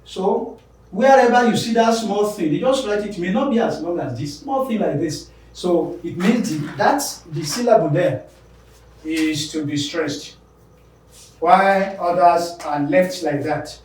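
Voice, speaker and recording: Man, english teacher, high voice, slow deliberate drilling, echoey room, far from mic. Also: darkish tone. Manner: repeats words slowly with emphasis, drills examples. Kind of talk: classroom lesson on word stress.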